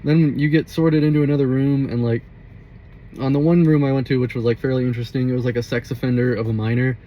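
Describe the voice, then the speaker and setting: A man's voice: medium pitch, steady tone, quick pace, highs cut off. Rambling, foul-mouthed young man in a car. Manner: rambling, profane, heavy use of "like". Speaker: vlogger. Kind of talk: casual storytelling monologue. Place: inside a car.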